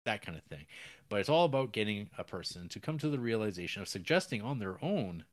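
A man co-hosting a podcast, casually recapping a film's plot in a rambling way, with lots of fillers and restarts and quick acted-out character lines. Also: lowish voice, very animated, no room sound, studio quality. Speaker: podcast co-host. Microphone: podcast microphone.

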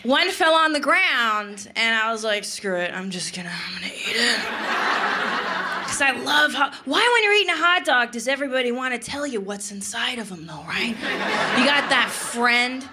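A woman in her thirties performing stand-up at a comedy club, with a high, bright-pitched voice. She talks in a chatty, sarcastic run of asides full of "like" and "right?". A live crowd is clearly heard through the handheld mic. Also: animated, normal speed. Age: 30s. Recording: live club with audience noise.

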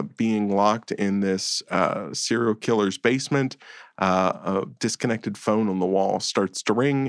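A man with a lowish voice and some vocal fry co-hosts a podcast where films get reviewed in casual conversation. He comes across blunt and exasperated, throwing in quick asides. The recording is dry, with a clean studio sound.

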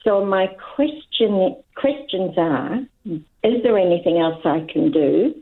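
A Scottish woman calling in to a radio garden show, chatty and quick to laugh. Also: lowish voice, expressive. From Scotland. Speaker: caller. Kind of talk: phone-in question. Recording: tinny phone line.

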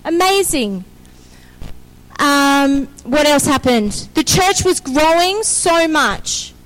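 A woman preaching a sermon, energetic and exhorting, often calling out for an amen. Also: sits high, slow pace, rough recording.

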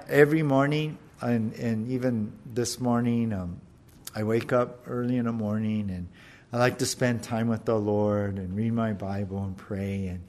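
A man giving a conversational sermon, laughing often, asking his listeners questions and slowing down to stress scripture. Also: medium pitch. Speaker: pastor.

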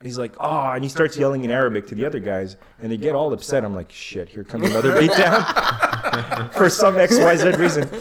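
Guy telling a wild story on a podcast, swears a ton, acts out everyone, big swings in pitch. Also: brisk, a loud crowd. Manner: animated, swears a lot, acts out the voices in his stories. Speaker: podcast guest. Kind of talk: casual storytelling.

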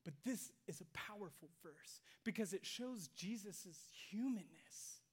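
A pastor preaching a sermon to a congregation, swinging between loud emphasis and hushed near-whispers and asking rhetorical questions. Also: medium pitch, animated, unhurried, breathy edge. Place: church sanctuary with congregation.

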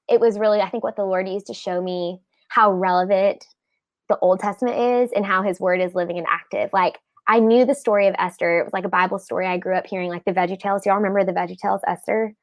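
A woman's voice: mid-range voice, no echo. A young woman, a podcast guest chatting in a bubbly way, full of "like" fillers. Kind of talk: casual podcast chat.

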